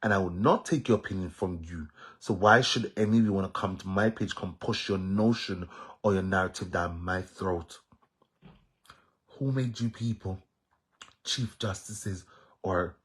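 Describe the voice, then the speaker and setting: A man's voice: sits low, fairly bright tone, husky. A man with a Jamaican accent talking straight to his viewers in a casual monologue, emphatic and repetitive, standing firm on his opinions. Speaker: social media commentator.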